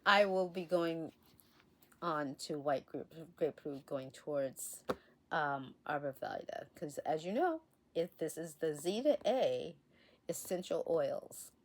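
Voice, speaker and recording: Hoarse, slow-talking woman vlogger. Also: low voice, lively intonation, slight background noise. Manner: chatty, rambling with restarts and soft laughs. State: hoarse voice recovering from illness. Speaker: essential oils channel host. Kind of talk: casual talk to camera. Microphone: facing a camera.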